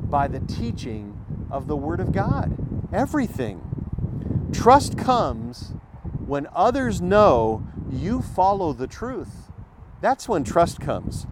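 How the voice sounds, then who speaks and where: A man delivers a sermon with a somewhat high voice, driving points home by repeating key phrases and posing rhetorical questions. Faint traffic noise hums behind him. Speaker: preacher.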